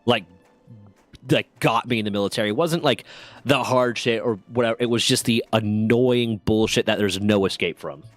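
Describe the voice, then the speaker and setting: A man co-hosting a gaming stream, telling candid, profane stories in casual chat with lively swings in his delivery. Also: on the low side, normal speed, no room sound, soft background music. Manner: candid, profane, animated storyteller.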